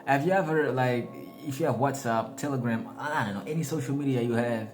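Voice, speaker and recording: A man's voice: medium pitch, a little fast. A man giving a casual, rambling spiritual talk, slangy and often laughing at his own jokes. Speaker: spiritual vlogger. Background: background music.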